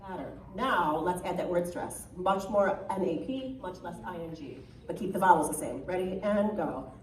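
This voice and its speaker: A woman's voice: fairly low pitch, expressive, moderate pace, slight background noise. A woman with a soprano voice coaching a choir in rehearsal, chatty and encouraging, often checking in with "right?". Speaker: choir clinician giving critiques. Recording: echoey hall, mic far off.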